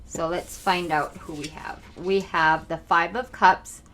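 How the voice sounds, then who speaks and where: A young woman giving a channeled tarot reading to her viewers, talking fast, intense and earnest. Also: fairly low pitch, steady tone, a bit bright. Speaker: tarot reader.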